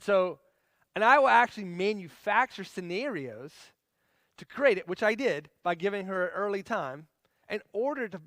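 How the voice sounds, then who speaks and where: A man's voice: sits high, fairly bright tone, no room sound, clean studio sound. A man in his forties teaching a marriage class in a casual, conversational way, acting out everyday scenes. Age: 40s.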